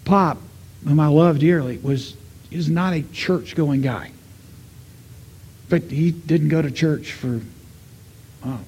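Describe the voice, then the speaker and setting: A middle-aged man preaching a sermon, telling a story and voicing the people in it, swinging from loud to hushed. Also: on the high side, husky. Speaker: pastor.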